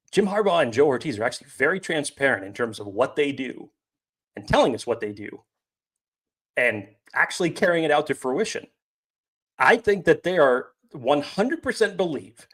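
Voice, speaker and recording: A man co-hosting a sports podcast, breaking down the roster in a measured, analytical way. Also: medium pitch, a bit bright. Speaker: podcast co-host. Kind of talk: casual sports podcast chat.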